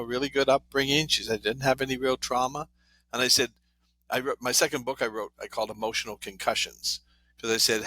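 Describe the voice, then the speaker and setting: A middle-aged man with a mid-range voice, captured in a dry recording, works as a trauma therapist. On a podcast he recounts animated anecdotes, voicing the people in them.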